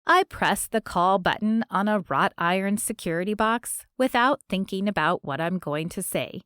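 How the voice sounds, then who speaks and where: A woman narrating a first-person romance audiobook in a measured, expressive way on a close studio mic. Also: mid-range voice, smooth, no room sound.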